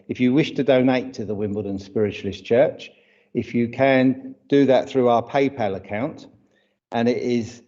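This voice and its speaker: His voice is mid-range and mellow as this British man leads a church livestream, chatting and greeting viewers by name. A touch of hay fever gives him a runny nose. The recording is dull, lo-fi livestream sound.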